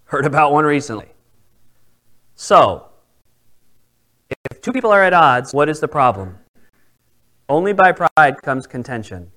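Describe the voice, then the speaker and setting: A man's voice: a little high, a little slow, long pauses, poor audio. A male pastor preaching a sermon, telling a personal story with acted-out dialogue. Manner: animated storytelling, acts out quoted dialogue.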